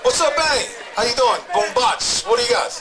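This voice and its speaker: Brief: high-pitched male host working a loud outdoor crowd, emphatic, rambling. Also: animated, a little fast, rough recording. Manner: emphatic, rambling, repeats "okay?". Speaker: talk show host interviewing protesters. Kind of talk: open-mic crowd address.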